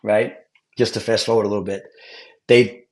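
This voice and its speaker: A man, a retired fire lieutenant telling stories in casual chat, animated and swearing freely. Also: lowish voice, normal speed, crowd noise. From Brooklyn, New York. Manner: animated, swearing, acts out quotes.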